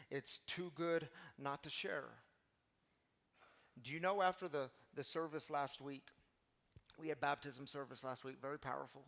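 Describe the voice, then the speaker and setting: A man's voice: fairly high pitch, fairly bright tone. A middle-aged man preaching a sermon as a pastor, telling stories and speaking directly to his congregation. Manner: storytelling, addresses the congregation directly.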